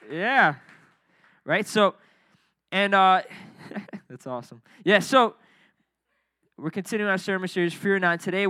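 A man's voice: high-pitched, dry recording, studio quality. A young man, a youth director, preaching a casual, joking youth sermon and drawing the crowd into call and response. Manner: energetic, joking, talks with the crowd.

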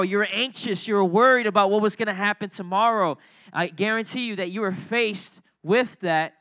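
High bright-voiced young male youth preacher. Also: no echo, studio quality. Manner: energetic, joking, talks with the crowd. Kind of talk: casual youth sermon.

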